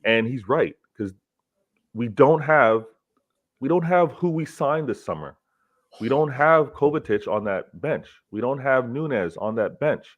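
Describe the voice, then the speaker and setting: A man in casual football chat, talking in a relaxed, measured way and often murmuring agreement. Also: mid-range voice. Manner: relaxed, measured talk with many agreeing fillers. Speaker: co-host. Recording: dull lo-fi audio.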